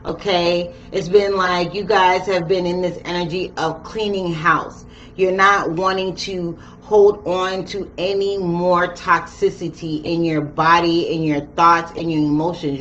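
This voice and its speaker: A woman's voice: lowish voice, fairly bright tone, a little hiss or hum. A woman giving a casual tarot reading, chatty and slangy, talking straight to her viewers. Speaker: tarot reader. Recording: dull lo-fi sound with faint ambience.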